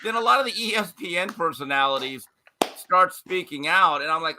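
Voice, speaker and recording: A man's voice: a little high, animated, brisk, noisy background. A man speaking as a guest sports commentator on a talk show, opinionated and emphatic, mocking others in casual chat.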